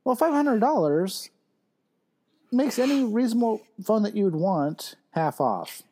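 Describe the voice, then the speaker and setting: Teasing podcast co-host, mid pitch. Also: very animated, unhurried, dark tone. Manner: laughs often, teasing. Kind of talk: casual chat.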